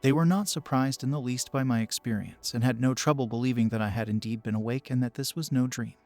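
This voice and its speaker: Male narrator, measured and calm, reads spooky tales over faint music. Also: medium pitch. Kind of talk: scripted narration of spooky stories. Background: faint background music.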